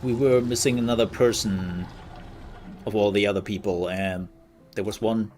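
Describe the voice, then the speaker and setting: A man giving relaxed, chatty commentary as he streams a game and thanks his viewers. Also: lowish voice, normal speed, faint music behind. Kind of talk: casual gameplay commentary.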